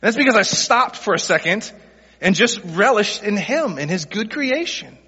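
A man's voice: sits high, animated, moderate pace, sharp tone, husky. A middle-aged male pastor preaching an earnest, conversational sermon that speaks directly to groups in the congregation. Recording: dull sound with long hall reverb.

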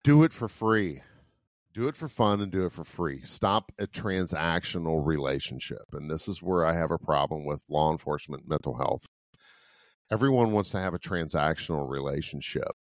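A middle-aged man with a very low voice rants bluntly about his job, swearing freely and laughing between points. The recording is dry and close, with no room sound. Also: expressive, moderate pace, no room sound. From Ohio, USA. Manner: blunt, profane, laughs often. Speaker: podcast co-host. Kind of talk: casual podcast chat.

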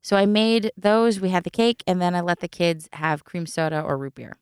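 A middle-aged woman with a lowish, smooth, resonant voice, talking casually on a podcast. She laughs easily and walks through recipes step by step. The sound is close and dry. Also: moderate pace, a little mellow, no echo. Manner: chatty, laughs often, explains recipes step by step. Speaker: podcast co-host. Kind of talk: casual chat.

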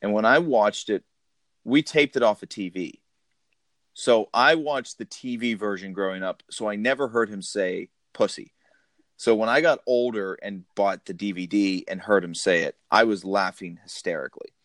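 A man's voice: fairly low pitch, normal speed, fairly bright tone, dry recording. A man co-hosting a casual movie podcast who laughs often and acts out quotes. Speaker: podcast co-host. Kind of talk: casual chat about a movie.

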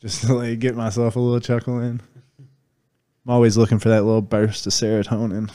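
A man's voice: medium pitch, completely flat delivery, a little fast, dark tone, clean tone. A man with a Southern US accent, chatting casually as a podcast guest in a loose, rambling way full of filler words.

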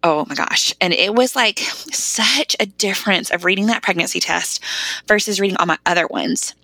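A woman's voice: mid-range voice, normal speed, creaky, sharp tone, no echo. A middle-aged woman, a podcast guest, telling a heartfelt personal story in casual, conversational talk full of "like" fillers.

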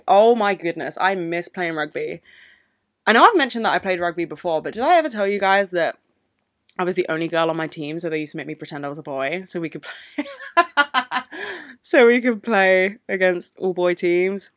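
A woman's voice: lowish voice, animated, moderate pace, sharp tone, no echo, clean studio sound. A young adult woman hosting her own podcast, chatting casually in a candid, profane, rambling way with many fillers. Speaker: podcast host. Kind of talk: casual solo podcast chat.

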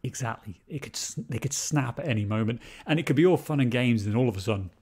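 A man's voice: medium pitch, fast talker, darkish tone, breathy edge. A man co-hosting a podcast, talking casually about a film, repeating words and swearing freely. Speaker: podcast co-host.

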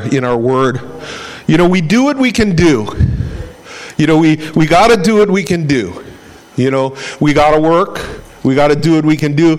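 A middle-aged man from Hawaii preaching a casual, conversational sermon, retelling a story with sound effects and repeated words. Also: fairly high pitch. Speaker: pastor.

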